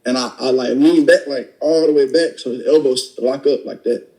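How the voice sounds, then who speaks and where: A man's voice: medium pitch, normal speed, rough recording. A young adult man casually retelling a story, acting out the dialogue with blunt, profane energy. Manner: animated, acts out dialogue with profanity. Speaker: storyteller recounting a robbery.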